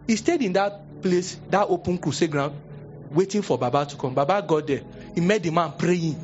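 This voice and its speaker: Young Nigerian pastor, sermon, high voice swinging wide, dull lo-fi capture. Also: male voice, moderate pace, soft background music. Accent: Nigerian, Yoruba-speaking. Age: young adult. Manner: animated storytelling, acting out voices, sudden high exclamations.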